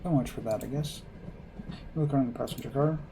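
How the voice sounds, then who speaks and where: A man reading a visual novel aloud and adding wry, deadpan asides. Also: medium pitch, fast talker, background noise. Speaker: gamer playing a visual novel.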